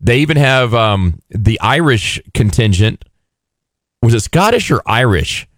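A man's voice: medium pitch, animated, unhurried, no echo, studio quality. A male radio show host from Texas, chatting casually and joking with lots of laughter. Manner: laughing, jokey. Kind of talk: casual chat.

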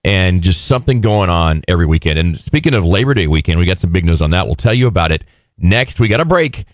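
A man's voice: sits low, very animated, fast talker, no echo, clean studio sound. A man hosting a casual morning radio show, bantering and joking with his co-host. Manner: joking, playful. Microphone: studio microphone.

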